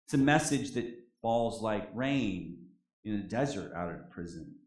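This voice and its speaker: A man preaching a sermon as a prison chaplain, moving between loud declarations and soft, quiet drops, in a church. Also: on the low side, animated, a little slow. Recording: echoey room.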